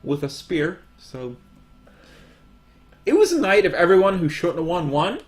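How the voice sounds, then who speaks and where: A man's voice: high voice, sing-song, measured pace. Male podcast co-host, laid-back and teasing. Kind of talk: casual chat.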